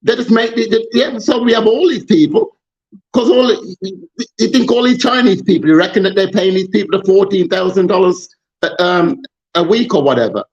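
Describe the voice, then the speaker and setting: Man, higher-pitched, fired-up political chat, muffled lo-fi sound. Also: moderate pace, a little mellow. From Jamaica. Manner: passionate, exasperated, rambling with restarts. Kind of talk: casual political discussion.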